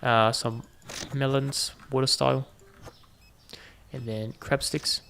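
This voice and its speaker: A man's voice: mid-range voice, level tone, takes it slowly, creaky, a bit bright, a little hiss or hum. A man hosting a gaming video, giving casual running commentary with joking asides to viewers. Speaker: gaming channel host.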